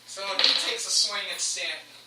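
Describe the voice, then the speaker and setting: A woman's voice: mid-range voice, moderate pace. A woman running a tabletop game as game master, narrating rolls in a matter-of-fact way. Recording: echoey room from far off, background noise.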